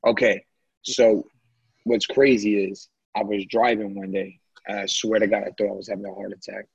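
A man's voice: on the low side, level tone, normal speed, vocal fry, slightly rough, no room sound, dull audio. A man on a podcast telling a story in casual chat, blunt and profane. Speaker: podcast co-host.

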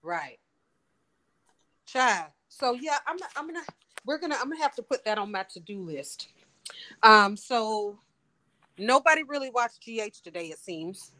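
A woman's voice: fairly high pitch, lively intonation, unhurried, long pauses, bright, forceful tone. A woman co-hosting a soap opera chat, reacting emphatically and repeating words for effect. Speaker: soap opera podcast co-host. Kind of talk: casual chat.

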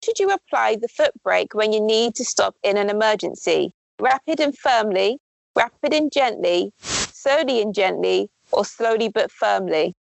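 A woman's voice: medium pitch, lively intonation, normal speed, vocal fry, dry recording. A young woman, co-hosting a podcast, reading quiz questions aloud and sounding a bit flustered. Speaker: podcast co-host. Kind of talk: casual chat.

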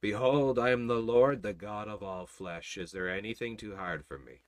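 A man acting out the voice of God, speaking slowly, deeply and soothingly to a frightened believer. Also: dry recording, natural voice. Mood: solemn. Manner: slow, solemn, deep and soothing.

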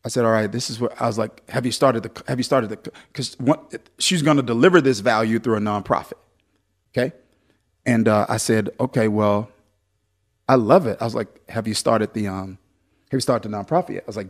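A man preaching a sermon as pastor, swinging between loud, lively exhortation and softer storytelling. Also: mid-range voice.

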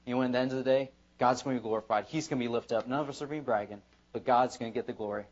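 A man preaching an evening church sermon at a middle pitch. He presses his points through repetition and emphasis. The recording sounds dull and lo-fi. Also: steady tone, rapid-fire, a little mellow. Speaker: pastor.

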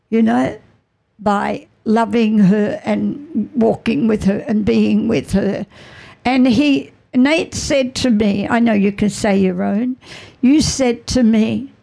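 A middle-aged woman shares an emotional testimony in a slow, unhurried way. Her voice sits fairly high but has a gravelly edge. She halts often and circles back over her own phrases with earnest feeling. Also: warm tone. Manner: halting, repeats phrases, earnest. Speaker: mother giving a faith testimony.

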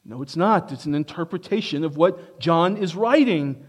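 Emphatic preaching man, slightly high voice. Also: normal speed, slightly rough. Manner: emphatic preaching, rising to stress points and dropping low for asides. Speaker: pastor. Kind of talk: sermon.

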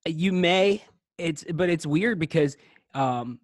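A man from South Jersey co-hosting a podcast, chatting in a lively storytelling way. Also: fairly high pitch, takes it slowly, no echo. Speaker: podcast co-host. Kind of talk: casual chat.

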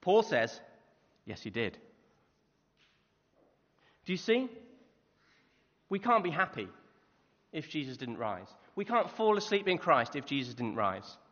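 Speaking a little slowly and leaving long pauses, a man with a higher voice preaches in a church hall, weaving lively stories and rhetorical questions. The sound is muffled and full of reverb.

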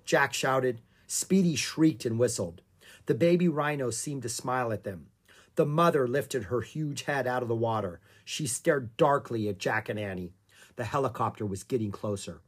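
A reader narrating a children's chapter book aloud with expressive storytelling. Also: mid-range voice, moderate pace, husky. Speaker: audiobook narrator.

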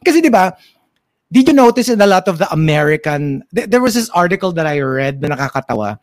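A woman's voice: on the low side, quick pace, no room sound, clean studio sound. A woman in casual podcast chat, switching between English and Tagalog and acting out quoted lines as she tells a story. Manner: animated storyteller, acts out quoted voices. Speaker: podcast co-host.

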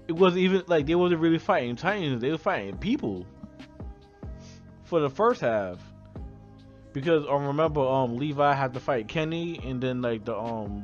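A man's voice: a little high, expressive, normal speed, lo-fi sound, soft background music. A man co-hosting a casual podcast about anime, laughing often and acting out the characters he quotes. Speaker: podcast co-host.

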